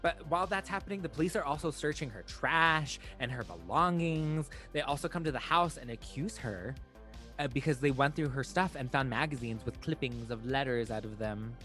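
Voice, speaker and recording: A man co-hosting a casual podcast, retelling a film plot in an animated, profane way with frequent laughs. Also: mid-range voice, normal speed, soft background music. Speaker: podcast co-host. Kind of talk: casual chat recapping a film.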